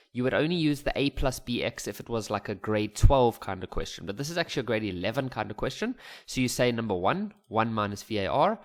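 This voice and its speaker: Chatty maths teacher. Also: male voice, medium pitch. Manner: chatty, thinks aloud, joking asides. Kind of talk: casual explanatory lesson voice-over.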